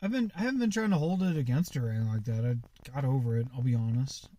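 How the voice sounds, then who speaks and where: A man venting in a casual monologue, rambling and halting with lots of fillers and frequent swearing. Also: medium pitch, mellow, no room sound.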